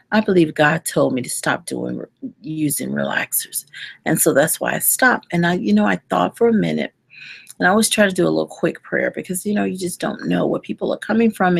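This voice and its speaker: Gravelly, husky woman giving hair advice. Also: fairly low pitch. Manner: earnest, conversational, with frequent restarts. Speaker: hair care specialist and author. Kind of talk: casual advice talk to listeners.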